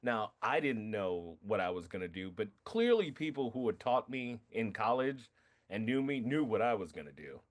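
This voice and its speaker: A man's voice: on the low side, moderate pace. A man talking as the guest in an interview, telling stories frankly and acting out what others said to him. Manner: storytelling, quotes others in lively voices, frank. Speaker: film director guest. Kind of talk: casual interview conversation.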